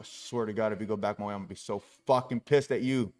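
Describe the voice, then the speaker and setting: Cursing low-voiced man livestreaming trades. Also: fairly even intonation, very fast, hardly any pauses, background noise. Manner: profane, with frustrated outbursts. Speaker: day-trading streamer. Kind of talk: live-streamed trading commentary.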